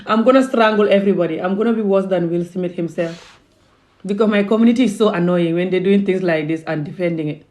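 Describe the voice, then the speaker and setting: A woman's voice: lowish voice, fast, darkish tone. A woman from Gambia ranting heatedly and emphatically in a self-filmed commentary video. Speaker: vlogger.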